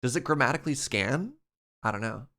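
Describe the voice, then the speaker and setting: A man's voice: medium pitch, animated, a little fast, sharp tone. A man streaming and chatting casually, reading his chat aloud in a playful way and laughing often.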